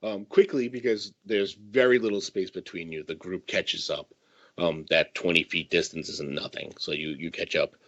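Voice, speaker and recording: Low-voiced man narrating as game master. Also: normal speed, a bit bright, muffled recording. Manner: hesitant, descriptive narration.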